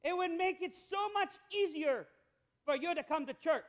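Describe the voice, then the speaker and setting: A man's voice: extremely high pitch, normal speed, voice pushed up. A man voicing an eager young woman from a church joke, urging a friend with insistent coaxing. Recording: echoey hall with long reverb.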